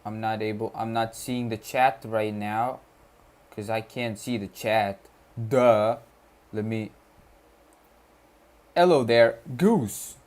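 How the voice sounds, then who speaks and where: A man's voice: fairly low pitch, a little mellow. A young man from Kerala, India, whose first language is Malayalam, chatting casually on a study livestream and reading chat messages aloud with slang. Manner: slow, laid-back, reads chat aloud with slang.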